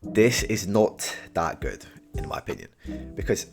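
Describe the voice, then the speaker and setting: A young British man ranking phrases in casual comedy commentary, full of slang and "bro", veering from low mumbles to sudden shouted verdicts. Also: a little slow, vocal fry, over music. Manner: slangy and animated, keeps saying "bro", swings from mumbling to shouting. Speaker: tier list host.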